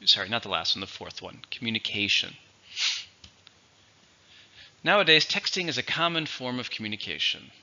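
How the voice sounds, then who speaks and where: A man teaching English vocabulary in a slow, clear, instructive way. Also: medium pitch, sing-song, pushed and bright. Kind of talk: vocabulary lesson. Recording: dull, lo-fi recording.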